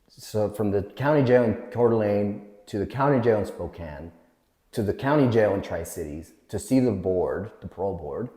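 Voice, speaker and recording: A man's voice: fairly low pitch, warm tone. A man candidly telling his own life story as a guest, blunt and swearing freely while he acts out what others said. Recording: echoey room with long reverb.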